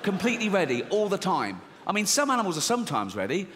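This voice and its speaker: A middle-aged man doing stand-up comedy, deadpan and swearing, acting out squeaky voices in a theater. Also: fast, long reverb tail, slight background noise. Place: large theater with audience. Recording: live theater, audience laughter.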